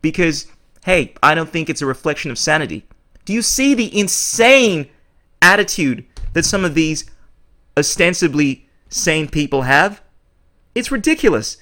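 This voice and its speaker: Fairly high-voiced guy ranting on his podcast, swears a lot, real blunt. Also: big pitch swings, moderate pace, sharp tone. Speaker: podcast host. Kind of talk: opinionated monologue.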